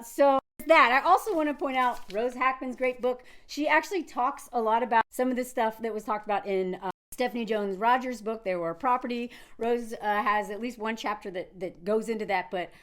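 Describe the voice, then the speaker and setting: A woman from Nashville, giving casual, animated commentary to camera, laughing often and restarting her sentences. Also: fairly high pitch. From Nashville, Tennessee, US. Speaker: video commentator.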